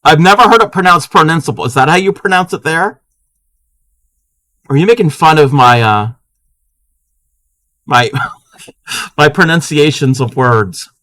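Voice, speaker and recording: A man's voice: a little high, measured pace, long pauses, sharp tone, dry recording. A man hosting a casual live crafting stream, chatting playfully with viewers and laughing often.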